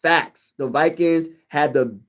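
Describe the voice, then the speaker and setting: A young man hosting a casual sports livestream, chatting with viewers in hyped, animated fan banter. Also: on the high side, slow pace. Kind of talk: casual livestream chat reading comments.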